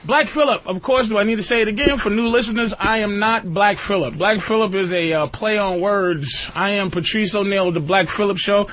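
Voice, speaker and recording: A man hosting a call-in radio show, ranting comically and profanely, jumping into high squeaky outbursts and laughing often. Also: a little fast, hardly any pauses. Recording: dull lo-fi radio broadcast.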